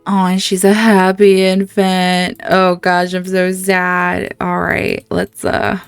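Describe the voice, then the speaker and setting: A woman's voice: fairly low pitch, monotone, slow, vocal fry, clean tone, dry recording, faint music behind. A woman hosting a let's-play, chatting through the game and reacting emotionally to what happens on screen. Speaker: gaming channel host.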